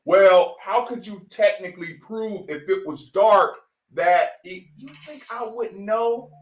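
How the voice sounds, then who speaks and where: A man's voice: sits high, slow, roomy sound. A man from Asheville, hosting a sports talk podcast in a heated, ranting way, cussing and laughing often. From Asheville, North Carolina. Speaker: podcast host.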